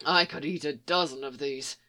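A narrator voicing a grumpy, exhausted wounded man who talks low and slurs his words. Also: normal speed, bright, forceful tone. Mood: blissful. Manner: low, slurred, drowsy delivery.

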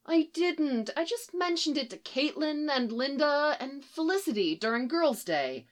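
A woman's voice: medium pitch, animated, a little slow, close to an everyday voice. A woman voicing a young woman who protests and coaxes her friend. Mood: protesting. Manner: protesting, coaxing. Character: young woman, defensive and pleading.

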